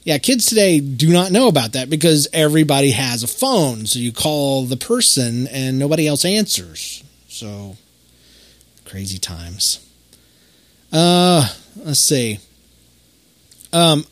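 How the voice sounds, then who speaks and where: A middle-aged podcast host with a mid-range voice, recorded with no room sound, tells stories in a casual monologue. His style is rambling and folksy, with lots of fillers.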